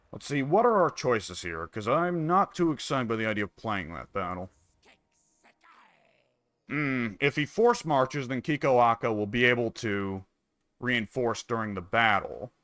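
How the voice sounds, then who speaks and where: Wry, bright-voiced man musing over a game. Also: mid-range voice, expressive, a little slow, pauses often, no room sound. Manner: musing, wry, mutters to himself. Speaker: gameplay commentator. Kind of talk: casual strategy game commentary.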